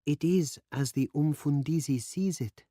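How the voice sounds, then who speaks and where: A man voicing a frightened, poor teenage girl in a story read aloud, lifting his voice high and thin. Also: a little slow, warm tone, no room sound, clean studio sound, lightly acted. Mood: timid. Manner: high, strained voice put on.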